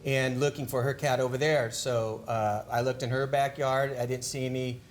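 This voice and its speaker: A man's voice: mid-range voice, little pitch movement, moderate pace, a little hiss or hum. Casting: male defendant, mid-range voice, hesitant and plain-spoken. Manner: hesitant, with fillers and restarts. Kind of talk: courtroom testimony.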